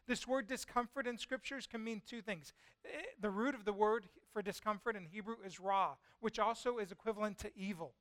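A male pastor preaching a sermon and retelling a scripture story with lively storytelling. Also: high voice, fairly quick, dry recording. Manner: lively storytelling, voicing God and Jonah in quotes.

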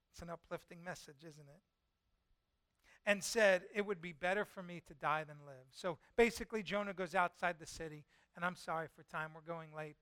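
A male pastor preaching a sermon and retelling a scripture story with lively storytelling. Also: high-pitched, clean tone, dry recording. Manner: lively storytelling, voicing God and Jonah in quotes.

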